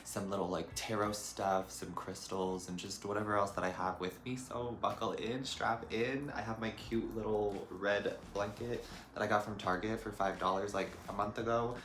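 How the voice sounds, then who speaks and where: A man's voice: on the low side, little pitch movement, normal speed, fairly bright tone, slight background noise. A young man chatting casually to camera as a lifestyle vlogger, full of trendy slang and "like" fillers. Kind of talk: casual vlog chat. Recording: echoey room with faint background music.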